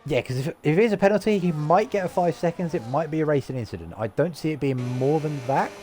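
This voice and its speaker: A tired man from the UK giving lively, chatty live commentary on an online racing league and reading out lap times. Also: fairly high pitch, fast talker, a little hiss or hum. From United Kingdom. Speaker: race commentator.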